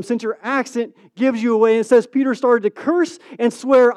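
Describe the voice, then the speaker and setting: A man, a pastor, preaching a sermon in a casual, conversational way, acting out stories with quick swings between loud and hushed speech. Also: very high-pitched, fairly even intonation, dry recording.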